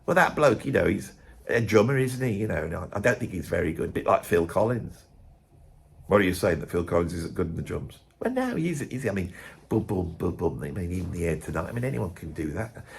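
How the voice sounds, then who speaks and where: A man putting on a smug coworker who mutters grudging, dismissive remarks about a musician in a low, dry voice. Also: big pitch swings, fast talker, vocal fry, a little mellow, a little hiss or hum, exaggerated voice. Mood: sneering.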